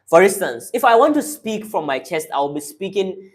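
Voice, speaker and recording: A man's voice: high-pitched, big pitch swings, moderate pace, hardly any pauses. A man teaching public speaking as a coach, giving direct, instructive tips in short commands. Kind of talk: motivational speaking lesson.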